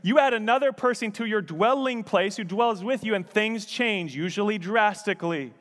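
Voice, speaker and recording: Pastor guy giving a sermon, kinda higher voice, casual jokey asides, echoey church hall. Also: moderate pace, a bit bright. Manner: conversational, with joking asides. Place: church sanctuary.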